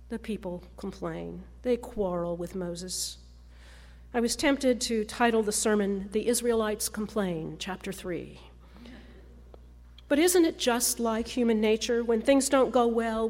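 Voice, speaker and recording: Woman preacher telling the story slow and steady, kinda high voice, big echoey church. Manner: measured storytelling delivery. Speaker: pastor. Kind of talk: sermon. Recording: long reverb of a large church hall.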